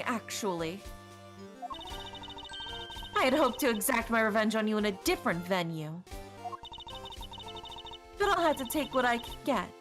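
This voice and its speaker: A woman's voice: on the high side, pitched above the performer's own voice. A woman voicing a haughty young female prosecutor while reading game dialogue aloud, with an imperious, scornful manner.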